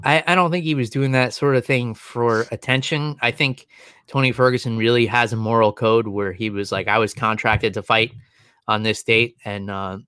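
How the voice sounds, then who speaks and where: A man's voice: medium pitch, fairly bright tone, smooth, no echo. Rambling man breaking down a fight. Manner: fast, rambling, many restarts and fillers. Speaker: MMA analyst guest. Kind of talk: casual podcast chat.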